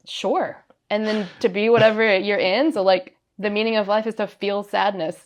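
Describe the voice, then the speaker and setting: A young woman from Ohio who grew up in Southern California speaks in a level, mid-range voice, a little fast. She's a podcast guest in a casual interview chat, often laughing and acting out quotes.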